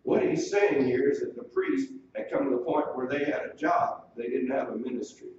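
A man's voice: mid-range voice, sing-song, normal speed, a little mellow. Man preaching in a very echoey church. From United States. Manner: earnest preaching, quotes scripture in old wording. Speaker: pastor. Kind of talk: sermon. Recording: distant mic in a very echoey room, dull lo-fi sound, faint hiss.

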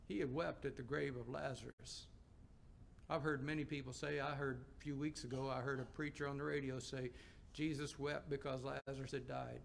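A man's voice: medium pitch, fairly even intonation, normal speed, vocal fry, slight background noise. A man preaching a sermon in a folksy, conversational storytelling way, with emphatic rises.

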